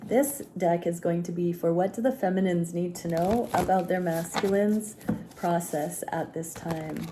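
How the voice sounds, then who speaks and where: A woman with a hoarse, gruff voice from a sore throat, giving a calm spiritual tarot reading. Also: lowish voice, a little slow, background noise. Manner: calm, searching, prayerful. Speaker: tarot reader.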